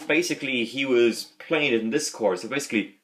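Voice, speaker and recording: A man's voice: mid-range voice, fairly quick, heavy background noise. A man hosting a casual video, rambling as he talks, repeating words and restarting his sentences. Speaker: video host reviewing a sitcom. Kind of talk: casual vlog talk.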